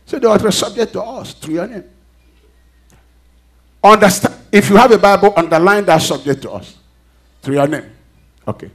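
Preacher guy, high voice, calls out to the crowd then drops real quiet. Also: expressive, normal speed, pauses often. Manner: call-and-response preaching, reads scripture aloud, swings loud and soft. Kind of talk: sermon.

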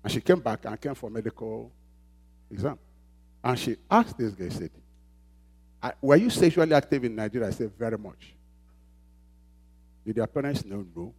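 A man's voice: mid-range voice, lively intonation, moderate pace, pauses often, darkish tone, slightly rough. A man preaching a sermon as pastor, emphatic and repeating phrases, calling out questions for the congregation to answer. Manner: call-and-response questions to the congregation.

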